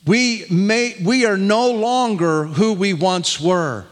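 A man preaching a sermon to a congregation, telling a personal story and then reading scripture aloud, animated and rising in pitch when excited. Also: slow pace. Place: church hall. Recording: long hall reverb.

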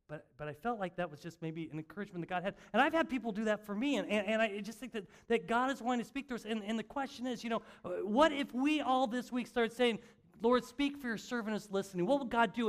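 An older male pastor with a high voice preaches in a church. He talks like he is chatting with friends, pokes fun at himself, and trips over his words as he restarts sentences. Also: quick pace. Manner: conversational, self-mocking storytelling with frequent restarts. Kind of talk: sermon. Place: church sanctuary.

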